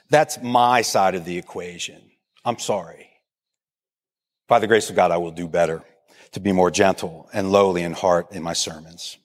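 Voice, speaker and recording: Passionate man preaching in a hall. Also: mid-range voice. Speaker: pastor. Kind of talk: sermon. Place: church sanctuary.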